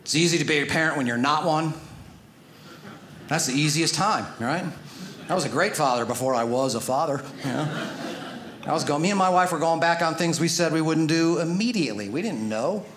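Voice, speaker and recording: A man doing a stand-up comedy set on stage, animated and acting out the voices of his son and others. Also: on the high side, fairly quick. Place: theater stage before a live audience. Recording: echoey stage, audience noise.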